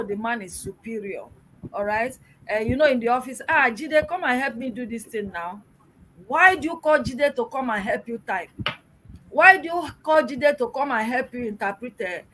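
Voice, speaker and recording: Emphatic, fairly high-voiced woman exhorting. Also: fairly bright tone, rough recording. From Nigeria. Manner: emphatic, exhorting, with rhetorical questions. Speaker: guest, public relations expert. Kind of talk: interview answers, motivational.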